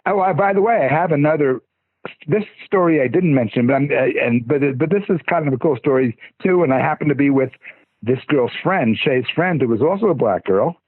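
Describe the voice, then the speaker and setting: An older man appears as a podcast guest, telling stories casually and rambling, stammering and restarting sentences. His husky voice is a little high, expressive and brisk. It comes through a tinny, phone-like line with no room sound.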